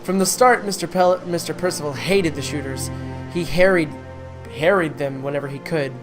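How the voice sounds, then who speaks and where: A gamer reading a story game's text aloud in a slow, soft storybook manner, with game music playing behind. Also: medium pitch. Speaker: let's play gamer.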